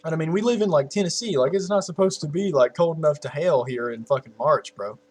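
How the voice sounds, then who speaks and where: A man's voice: on the high side, fast talker, darkish tone, husky. A man of twenty-one chatting casually to his viewers from a home setup, rambling, swearing freely and laughing at his own jokes. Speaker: YouTuber.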